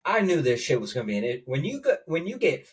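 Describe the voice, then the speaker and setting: A man's voice: fairly high pitch, very animated, fast talker, far from the mic, low-quality recording. Angry swearing man ranting about football. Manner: angry, swearing, rising to loud outbursts. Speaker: sports commentator. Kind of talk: heated sports rant.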